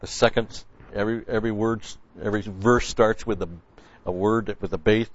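A man's voice: on the low side, steady tone, normal speed, muffled recording. A man preaching a conversational sermon, folksy and blunt, quoting scripture and restarting his sentences often.

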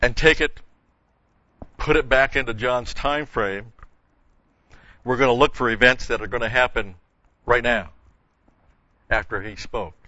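Speaking unhurriedly with frequent pauses, an older man with a sharp-toned mid-range voice leads a Bible study lecture. He unpacks word meanings and wanders off into folksy stories with chuckles. The muffled lo-fi recording has no room sound.

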